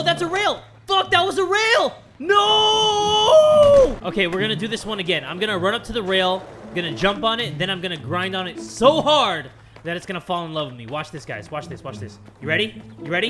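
Young guy yelling and cursing at a skate game, high voice, swoops all over, music going behind him. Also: fast. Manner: excitable, swearing, yelling and laughing. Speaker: gaming YouTuber. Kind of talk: let's play commentary.

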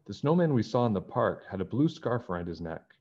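A man voicing an excitable young girl in a storybook read-aloud, with high breathless squeals. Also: a little fast, dull audio. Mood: excited. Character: excitable young girl, Nancy's friend Bess.

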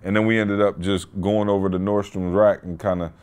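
A man's voice: low-pitched, little pitch movement, fairly quick, darkish tone, smooth. Laid-back slangy man telling a story. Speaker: podcast host. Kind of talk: casual chat.

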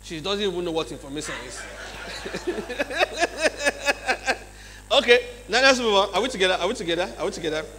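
A man with a Nigerian English accent giving a lively leadership seminar talk in a large church hall, often checking in with his audience. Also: high-pitched, moderate pace, pauses often. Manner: acts out examples in changed voices. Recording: long hall reverb, faint mains hum.

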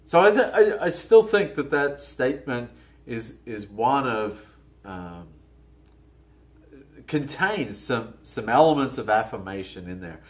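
A man's voice: mid-range voice, big pitch swings, measured pace. A man preaching a sermon in a conversational, musing way, often restarting his phrases. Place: church.

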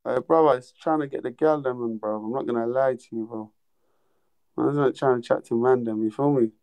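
A man's voice: medium pitch, brisk, darkish tone. A young man hosting a casual livestream, teasing callers bluntly in street slang. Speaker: livestream host.

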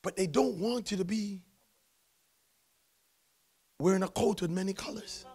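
A man preaching a sermon in church, swinging from hushed tones to loud shouting. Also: sits high, measured pace, husky. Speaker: pastor.

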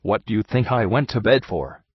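A man's voice: fairly low pitch, animated, moderate pace, slightly rough, no room sound, highs cut off. A man playing a breezy young chap. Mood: annoyed. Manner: breezy, slangy, then huffy. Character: cheery young host, easily annoyed.

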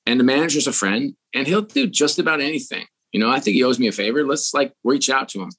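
Animated man telling a story. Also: medium pitch, quick pace, slightly rough. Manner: animated, acts out quoted dialogue. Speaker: sports executive, podcast guest. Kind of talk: casual storytelling.

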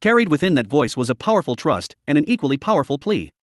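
Man, audiobook narration, expressive storytelling, lively intonation, dry close mic. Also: on the high side, fast, no room sound.

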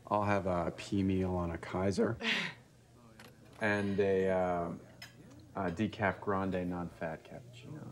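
An actor playing a joking boss who becomes earnest about deadlines. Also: male voice, low-pitched, flat delivery, slow pace, pauses often. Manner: jokey, teasing, then earnest. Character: man, joking boss and publisher. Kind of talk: film acting.

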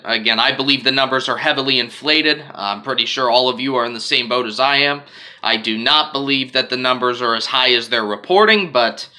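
A man reading news articles aloud and breaking off into lower, quieter asides with his own opinions, with frequent fillers. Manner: reads headlines with rising emphasis, drops to low asides for opinions. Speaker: news commentary host.

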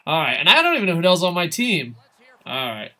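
A man streaming a video game, chatting casually with viewers in an excitable, rambling way, swearing often and poking fun at himself. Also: a little high, fast talker. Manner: excitable, rambling, swears a lot, self-mocking. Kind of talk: casual live-stream chat while gaming.

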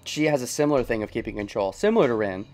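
Brief: male game streamer at mid pitch, relaxed play-along commentary with lots of little laughs. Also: racing. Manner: thinks aloud, chuckles often. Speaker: let's play host.

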